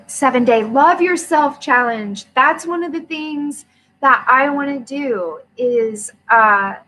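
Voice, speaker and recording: A woman hosting a casual livestream, chatting with viewers and reading a workbook aloud with lively emphasis, laughing and swearing freely. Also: on the high side, slight background noise. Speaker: host of a money-mindset livestream.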